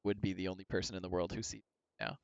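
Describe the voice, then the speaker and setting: A man's voice: deep voice, level tone, fast talker, gravelly, dry recording, dull audio. A man playing a tabletop game, speaking casually and hesitantly with many fillers. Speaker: player.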